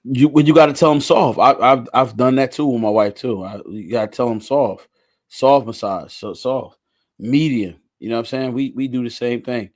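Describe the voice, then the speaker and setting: A man in a casual chat, animated and slangy, often repeating words as he talks. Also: medium pitch, normal speed.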